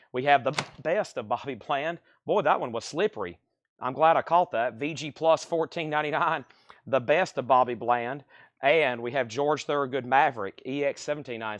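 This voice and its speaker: A man running a livestream vinyl record auction with a quick, steady patter of grades, prices and bids, coughing now and then from allergies. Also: mid-range voice, no room sound. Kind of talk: fast live-sale patter.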